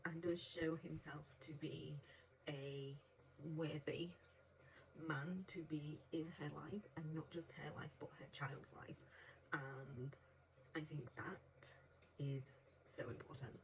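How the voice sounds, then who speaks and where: A woman with a low, steady voice speaks at a measured pace, pausing often, in a rough recording with slight background noise. She reviews an audiobook in a chatty way, laughing often and acting out quotes in between.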